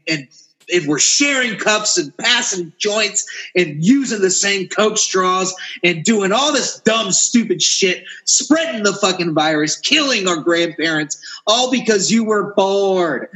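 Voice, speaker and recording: A man's voice: high-pitched, fairly bright tone, poor audio. A man co-hosting a podcast, ranting angrily and profanely in casual chat. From Dallas, Texas. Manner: angry, profane, emphatic ranting. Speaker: podcast co-host.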